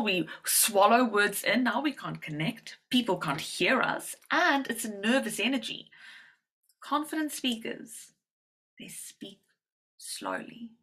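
Woman confidence coach, bright voice, animated and instructive presenter. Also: unhurried, poor audio. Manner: animated demonstrative delivery, swings pitch and volume. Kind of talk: presentation to medical professionals.

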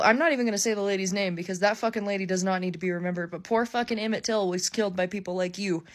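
A woman's voice: medium pitch, very fast, few pauses. A woman ranting angrily to camera, swearing constantly and furious. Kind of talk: angry rant to camera.

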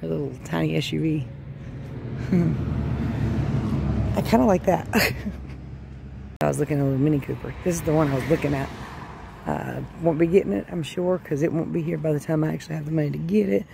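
A woman chatting casually to her phone camera as a vlogger, folksy and quick to laugh. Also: low-pitched, vocal fry, noisy background. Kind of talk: casual vlog chat. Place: outdoors at a car lot, then at home.

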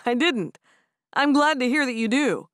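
A woman narrator voicing a steady, playful young Amish man who speaks firmly. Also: high voice, normal speed, smooth, dry recording, studio quality, pitched above the performer's own voice. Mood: warm. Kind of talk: audiobook character voice.

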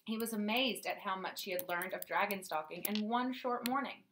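Lady reading a kids' book aloud, lively, a little hiss behind. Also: medium pitch, normal speed. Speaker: audiobook narrator. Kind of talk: storybook narration.

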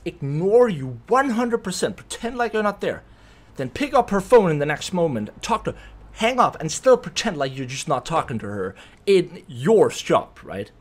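A young man telling a storytime vlog, animated and profane, who keeps checking in with "right?". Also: on the high side, moderate pace. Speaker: vlogger.

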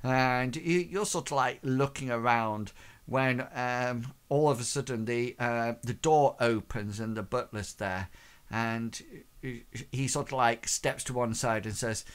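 A man's voice: medium pitch, unhurried, clear, resonant tone. A man narrating a tabletop game as game master, hesitant and full of fillers.

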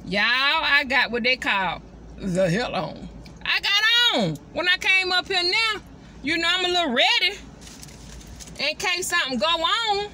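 A woman and mother chatting casually to her viewers from inside her truck, animated and constantly addressing them directly. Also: very high voice, a little slow, a little hiss or hum. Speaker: vlogger and mother.

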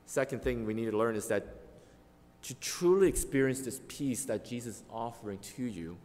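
A man's voice: mid-range voice, lively intonation, normal speed, a little mellow. Male pastor preaching, earnest and emphatic, mid voice with long church-hall echo. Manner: earnest, emphatic preaching with stressed key words. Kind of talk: sermon. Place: church sanctuary.

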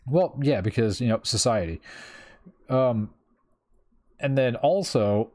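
Casual streamer guy in his thirties, mid-pitched, rambling and profane. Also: lively intonation, slow, a little mellow. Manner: rambling, swears freely, fillers like "like". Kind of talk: casual chat.

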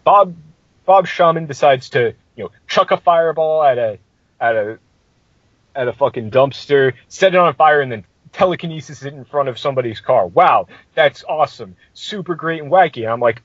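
A man tells a tabletop game story on a podcast, swearing freely and sounding exasperated. His voice is husky and swings widely up and down. It comes through a dry, dull lo-fi mic. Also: a little high, moderate pace, no echo. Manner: profane, animated, exasperated. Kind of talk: casual storytelling.

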